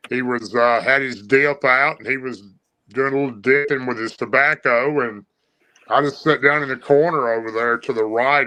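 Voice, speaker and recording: Southern man, guest storyteller, rambling with lots of fillers, forceful voice, dry sound. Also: mid-range voice, no room sound, rough recording. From Tennessee. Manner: rambling, with many fillers and restarts.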